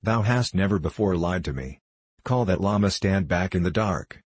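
Man voicing gruff old horse trader Mahbub Ali. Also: low voice, moderate pace, no room sound. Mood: suspicious. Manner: blunt, suspicious, commanding. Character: gruff elderly male Afghan horse trader.

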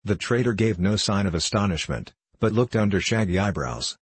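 Male audiobook narrator, deep and husky, measured delivery. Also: expressive, dry recording. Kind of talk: scripted narration.

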